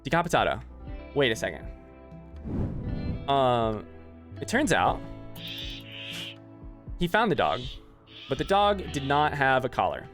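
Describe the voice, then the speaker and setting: Rambling game streamer telling a story. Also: male voice, mid-range voice, slow, long pauses, faint music behind. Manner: rambling, animated anecdote telling with asides to chat. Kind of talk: casual storytelling while streaming gameplay.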